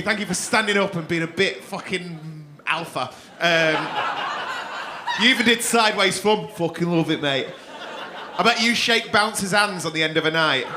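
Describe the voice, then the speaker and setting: A man's voice: high voice, noisy background. A man doing stand-up crowd work on a comedy club stage, brash and teasing, swearing and laughing as he talks. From England. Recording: live club with loud crowd. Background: audience laughter.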